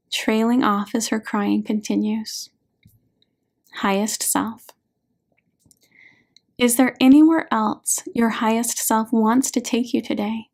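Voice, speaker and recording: Woman hypnotherapist narrating audiobook, gentle, unhurried, slightly high. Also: fairly even intonation, gravelly.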